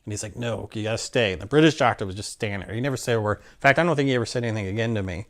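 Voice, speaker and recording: A man's voice: lowish voice, rapid-fire. A middle-aged man candidly recounting a personal story in an interview, acting out what people said. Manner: candid, plainspoken, acts out quotes.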